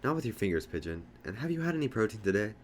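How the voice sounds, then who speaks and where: A man reading the part of a firm, polite mother who gently corrects her kids. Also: on the low side, sing-song, racing, slight background noise.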